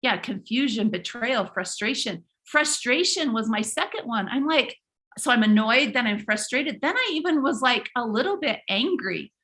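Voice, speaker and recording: A middle-aged woman hosting a live online workshop, telling a story in an animated way, speaking directly to her audience with frequent restarts. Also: a little high, normal speed. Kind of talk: live webinar storytelling talk.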